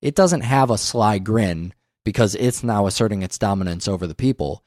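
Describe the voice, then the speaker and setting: A man's voice: lowish voice, expressive, normal speed, darkish tone, no echo, clean studio sound. A man hosting a film podcast in casual discussion, emphatic and opinionated, swearing often. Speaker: podcast host.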